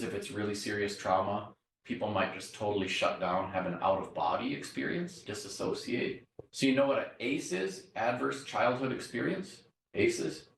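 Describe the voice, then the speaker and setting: Man lecturing in an echoey classroom. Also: fairly low pitch. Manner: explanatory, checks in with the class by asking "right?". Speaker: university lecturer. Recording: echoey classroom, mic far off.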